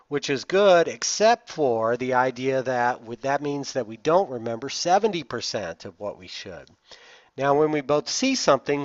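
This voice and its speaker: A man's voice: mid-range voice, no echo. Southern guy teaching a class, leans hard on key words, lots of uh, dull dry recording. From Southern United States. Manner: emphatic, stresses key words, frequent "uh". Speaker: instructor. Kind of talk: lecture over slides.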